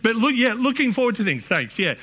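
Bright high-voiced male pastor preaching. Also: sing-song, fairly quick. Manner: conversational preaching with many restarts and asides. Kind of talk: sermon. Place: church.

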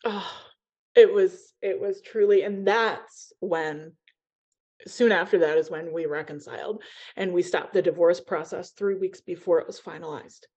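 A woman opens up about her life as a podcast guest, speaking in an emotional, candid way with plenty of "um" and "like." Her voice comes through a muffled, lo-fi line that dulls the highs. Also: measured pace, darkish tone. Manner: emotional, open, lots of "um" and "like". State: teary-eyed. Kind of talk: heartfelt personal storytelling. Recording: dull lo-fi sound.

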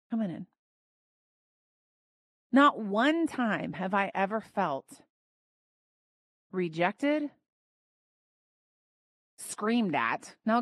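A young adult woman hosting a devotional podcast, teaching earnestly and emphatically, dropping soft and then rising to exclaim. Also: mid-range voice, no echo. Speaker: podcast host and Bible teacher.

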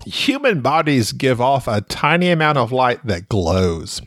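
A man's voice: mid-range voice, sing-song, a little slow, fairly bright tone, no room sound, clean studio sound. A man co-hosting a podcast, playful in casual banter, laughing a lot and trying goofy voices. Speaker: podcast co-host.

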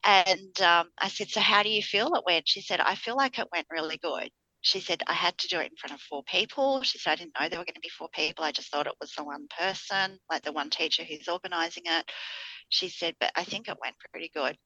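A woman's voice: on the low side, brisk, sharp tone, dry recording, low-quality recording. A middle-aged woman, co-hosting a podcast in casual chat and acting out the people she quotes as she tells a story. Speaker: podcast co-host.

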